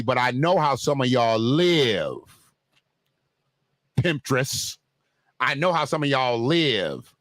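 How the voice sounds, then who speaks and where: A man's voice: fairly high pitch, fairly bright tone, dry recording. A man hosting a livestream, talking straight to his viewers in a loose, joking, conversational way. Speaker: livestream host. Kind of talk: casual livestream commentary.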